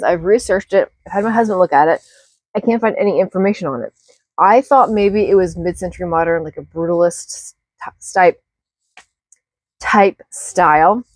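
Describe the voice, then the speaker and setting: A woman's voice: mid-range voice, dry recording. A woman casually rambling through a show-and-tell of her thrift finds at home, self-deprecating and restarting often. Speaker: thrift haul vlogger.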